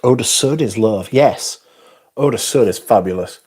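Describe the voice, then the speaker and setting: Husky, low-voiced man chatting crudely. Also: moderate pace, darkish tone. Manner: rambling, crude, profane and jokey, with frequent restarts. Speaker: livestream host reviewing fragrances. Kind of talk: casual livestream chat, reading out viewer comments.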